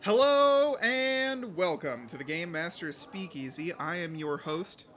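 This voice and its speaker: A man's voice: high voice, expressive, a little slow, a bit bright. A man in his thirties co-hosting a podcast, talking casually with a slightly nasal voice and a joking, self-deprecating manner. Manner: jokey, self-deprecating, with frequent fillers. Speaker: podcast co-host.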